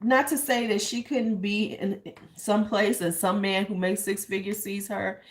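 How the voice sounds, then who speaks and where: A woman's voice: medium pitch, steady tone, unhurried. A woman vlogger giving casual commentary, blunt and candid, swearing freely and retelling stories by acting out what people said. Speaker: beauty vlogger.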